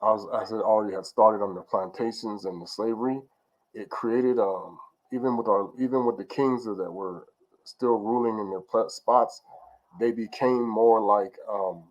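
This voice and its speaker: A man with a somewhat low-pitched voice gives an informal spiritual teaching. He rambles and restarts his sentences often, fills the gaps with "um" and "you know", and keeps checking in with his listeners. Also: fairly even intonation, normal speed, highs cut off. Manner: rambling, with many fillers and restarts, ending lines with okay?.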